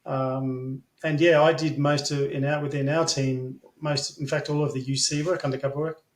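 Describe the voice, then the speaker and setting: A man's voice: medium pitch, little pitch movement, normal speed. A man with an Australian accent, an interview guest telling stories at length, full of ums and blunt swearing. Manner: rambling, filler-heavy, blunt and swearing. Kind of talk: casual storytelling. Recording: echoey room.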